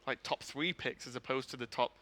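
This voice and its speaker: A man casting a live esports match at a tournament venue, talking in quick, chatty play-by-play full of fillers. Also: medium pitch, sharp tone. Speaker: esports caster. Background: music.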